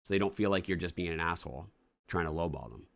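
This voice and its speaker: Deep-voiced, fast-talking coach man. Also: vocal fry. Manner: blunt, swears freely; acts out offers as if speaking to a seller. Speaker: real estate investing coach. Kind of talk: casual coaching talk on a morning show.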